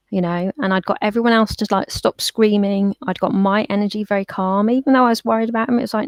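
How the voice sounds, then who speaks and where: Chatty woman with a gravelly edge. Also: mid-range voice, steady tone, fast talker, few pauses, no echo. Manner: chatty, storytelling, acts out quotes. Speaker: pet therapist guest. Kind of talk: casual interview chat.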